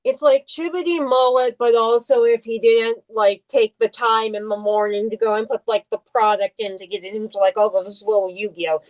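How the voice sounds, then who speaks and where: A woman's voice: a little high, fairly even intonation, normal speed, hardly any pauses, darkish tone, rough recording. A woman co-hosting a podcast, chatting about an anime in a playful, jokey way and leaning on "like" a lot. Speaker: podcast co-host. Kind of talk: casual anime discussion chat.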